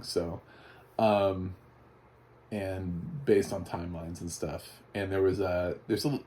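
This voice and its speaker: A man's voice: low-pitched, steady tone, slow pace, a little mellow, slight background noise. A man giving a casual, chatty spoken movie review, often laughing. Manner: chatty, laughing, mock voices for quotes.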